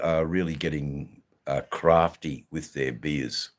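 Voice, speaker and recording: A man's voice: extremely low pitch, slow pace. An older man with an Australian accent, chatting casually and rambling on a livestream, reading out and answering viewers' comments. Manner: laid-back, rambling with many fillers. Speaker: livestream host answering chat. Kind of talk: casual live chat.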